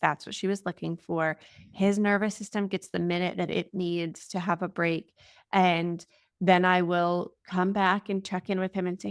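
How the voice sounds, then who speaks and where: A woman's voice: on the low side, level tone, unhurried, smooth, dry recording. Casual young woman, dry close sound. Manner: casual, warm explaining with frequent "like" fillers. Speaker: parenting guest. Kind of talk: conversational interview answer.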